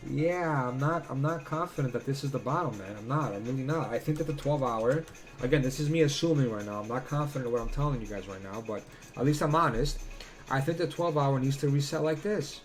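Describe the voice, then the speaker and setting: A man's voice: medium pitch, brisk, soft background music. A man doing casual crypto chart analysis, blunt and profane, who slips into heated rants. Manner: blunt, swearing, ranting.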